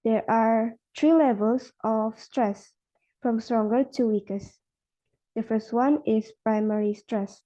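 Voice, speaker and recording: A young Indonesian-accented woman presenting on word stress for a class, slowing down to model stressed words. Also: on the high side, mellow. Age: young adult. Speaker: student presenter. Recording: muffled lo-fi recording.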